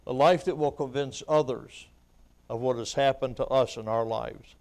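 A male evangelist at a revival moves from his personal testimony to loud, fervent preaching, with amens and laughter breaking in. His voice is medium in pitch at a normal speed, and at moments he's choked up and weeping.

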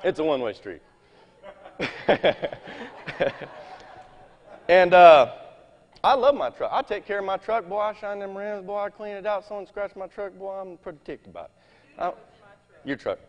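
A man preaching a sermon in a folksy, animated way, reading scripture aloud and talking straight to his congregation. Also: high-pitched, moderate pace, in a large hall, highs cut off. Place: church meeting hall.

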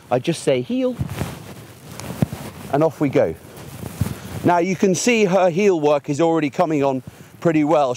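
A middle-aged man teaches a puppy outdoors, talking in a relaxed, chatty way. He leans on homely everyday examples to make each point. His voice sits a little higher than most men's. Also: slight background noise. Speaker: gundog trainer. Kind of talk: outdoor training demonstration. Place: outdoors in a field by a fence.

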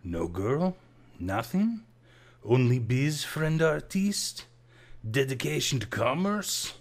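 A man's voice: medium pitch, sing-song, slow, pitched above the performer's own voice, exaggerated voice. A man voicing an ugly old male bartender who grunts and teases in broken English. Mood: needling.

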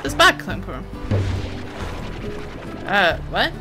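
A woman playing a video game and commentating, excitable and swearing heavily as she scolds the creatures. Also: mid-range voice, very slow. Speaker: let's play gamer. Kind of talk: let's play commentary. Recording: game music playing underneath.

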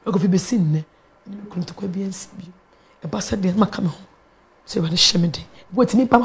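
A middle-aged woman with a Ghanaian accent, a pastor sharing a personal testimony in an animated storytelling manner, switching between English and Twi. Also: medium pitch, brisk. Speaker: pastor and guest.

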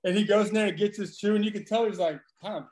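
Man, thirties, higher voice, podcast guest, cussing, laughing through stories. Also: fast talker, very noisy. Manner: profane, animated anecdotes with frequent laughing. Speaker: podcast guest, former baseball pitcher. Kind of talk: casual storytelling.

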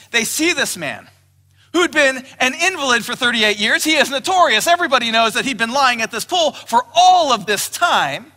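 A man's voice: extremely high pitch, bright, forceful tone. A man preaching a sermon as pastor, emphatic, raising his voice when he quotes scripture. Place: church hall. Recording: long hall reverb.

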